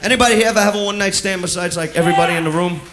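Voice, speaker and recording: A man doing crude stand-up comedy, brash and loud, shouting his punchlines. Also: high voice, rapid-fire. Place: live comedy club. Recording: echoey club with loud crowd. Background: audience laughter and noise.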